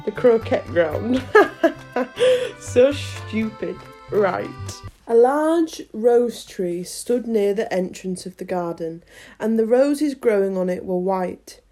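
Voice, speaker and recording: A woman's voice: mid-range voice, expressive, slow pace, mellow, faint music behind. Chatty woman reading a storybook. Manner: self-deprecating, chatty. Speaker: audiobook reader.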